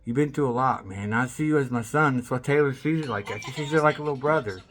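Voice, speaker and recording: A man talking in a rambling, casual monologue, swearing freely and breaking into laughter, swinging from loud excitement to low mumbles. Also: fast talker. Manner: rambling, with restarts and bursts of laughter. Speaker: vlogger.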